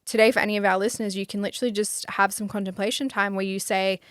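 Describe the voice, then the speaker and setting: A woman's voice: medium pitch, quick pace, smooth, no echo, clean studio sound. A woman hosting a podcast, talking casually and acting out little scenes as she explains. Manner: animated storyteller, acts out dialogue. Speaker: podcast host.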